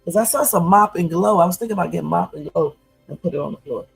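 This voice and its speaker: A woman in her fifties talks on a home livestream in a gravelly, husky voice. Her delivery is blunt and confrontational, loose and chatty with lots of fillers. Faint music plays in the background. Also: fairly low pitch, quick pace, rough recording. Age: 50s. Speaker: YouTube livestream host. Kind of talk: casual livestream talk.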